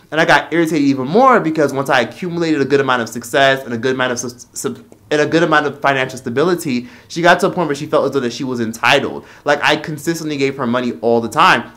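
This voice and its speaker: A man's voice: mid-range voice, a bit bright. A man telling a personal story on his vlog in a blunt, profane, venting manner. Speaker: vlogger. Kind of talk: casual personal rant.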